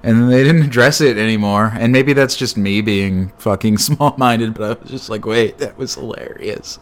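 A man's voice: lowish voice, normal speed. A man co-hosting a casual chat, sarcastic and jokey, speaking close to the microphone. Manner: sarcastic, jokey, acts out scenes in silly voices.

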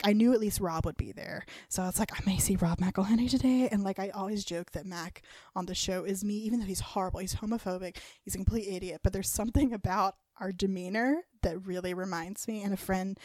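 A woman's voice: mid-range voice, fairly even intonation, brisk, hardly any pauses, a little mellow, dry recording, studio quality. A young woman co-hosting a podcast, telling a story in a chatty, rambling way, full of fillers and little laughs. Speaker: podcast co-host. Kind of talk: casual storytelling chat.

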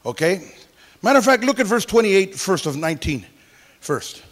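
A man's voice: high voice, big pitch swings, normal speed. A man preaching a sermon in a church service, folksy and exclamatory, breaking in with hallelujahs. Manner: exclamatory, with interjected hallelujahs and praise the Lord; folksy storytelling, mimicking music with sung syllables. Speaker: pastor.

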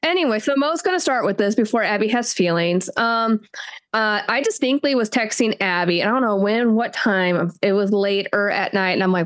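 A woman co-hosting a book review chat, talking casually and acting out her reactions with quick put-on voices. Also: medium pitch, animated. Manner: chatty, acts out reactions in quoted voices. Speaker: book podcast co-host.

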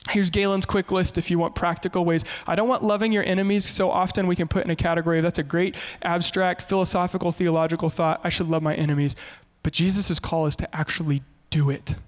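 A male pastor preaching a sermon in an animated way, often slipping into quoted voices. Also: sits high, quick pace, few pauses, big-room sound.

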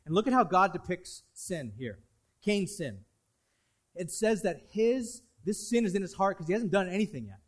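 A man preaching a sermon to his congregation, swinging between loud, pressing emphasis and quiet, hushed asides. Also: high voice, very animated, normal speed. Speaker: pastor.

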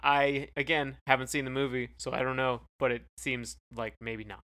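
A man's voice: medium pitch, fairly even intonation, normal speed, pushed and bright. A man co-hosting a podcast, talking casually in a hesitant, rambling way with many fillers. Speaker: podcast co-host. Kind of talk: casual chat.

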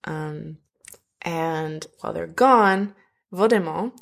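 Low gravelly woman recapping a story. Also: slow pace. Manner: animated storytelling, acts out characters' quotes, frequent "like". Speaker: podcast co-host recapping an opera. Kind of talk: casual chat.

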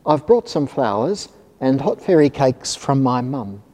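A man's voice: medium pitch, very animated, measured pace, dark tone. A man doing a polite, earnest little girl. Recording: reverberant hall.

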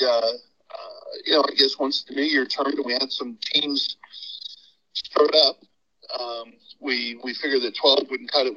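A man calling in as a guest, answering interview questions about organizing a tournament in a halting way. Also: medium pitch, sharp tone, slightly rough. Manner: halting, many fillers and restarts. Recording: muffled call-in line.

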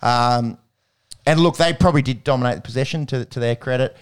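A man's voice: mid-range voice, brisk, clear, resonant tone. An Australian man hosting a casual sports chat, rambling and slangy.

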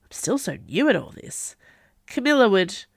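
A woman's voice: medium pitch, sing-song, moderate pace, gravelly, dry recording, studio quality, voice pushed up. A woman voicing a young male prince who is earnest and worried, asking urgent questions.

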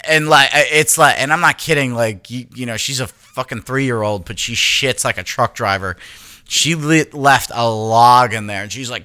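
A man in his thirties co-hosting a podcast, telling profane, animated stories with laughs in casual chat. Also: mid-range voice, normal speed, clear, resonant tone. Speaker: podcast co-host.

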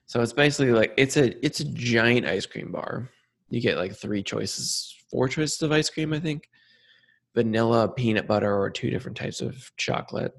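Casual podcast co-host: man, gravelly and a bit husky, relaxed chatter. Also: mid-range voice, normal speed. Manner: easygoing, chatty, trails off mid-thought. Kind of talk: casual sports podcast chat.

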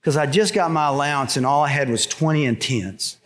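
An older man preaching a sermon, telling a story conversationally with restarts, dropping low and soft for quoted lines. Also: a little fast. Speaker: pastor.

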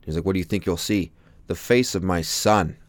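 Brief: low-pitched male podcast co-host, eager film fan, dry close sound. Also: brisk, dry recording. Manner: enthusiastic, hums film music. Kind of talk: casual movie discussion.

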